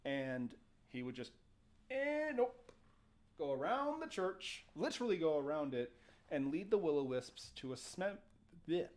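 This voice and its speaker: Male podcast host, animated joking storyteller, a touch high-pitched. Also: moderate pace. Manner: animated, jokey, acts out quotes. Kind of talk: casual storytelling chat.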